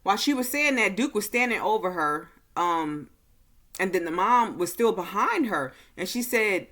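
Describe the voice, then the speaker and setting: A woman giving a casual movie recap and review, talking slowly and easily, with frequent fillers. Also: mid-range voice, animated, fairly bright tone. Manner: slow, easygoing delivery with many fillers.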